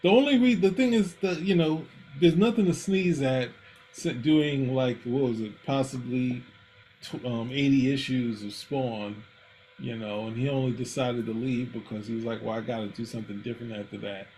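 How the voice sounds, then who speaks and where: A man's voice: mid-range voice, normal speed, a little mellow, a little hiss or hum, rough recording. A man co-hosting a comics talk show, rambling with frequent restarts and acting out quotes in casual chat. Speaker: comics podcast co-host.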